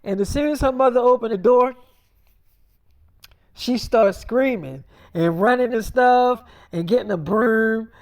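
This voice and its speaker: A woman's voice: on the high side, measured pace. Brief: a woman improvising a story in casual, profane retelling.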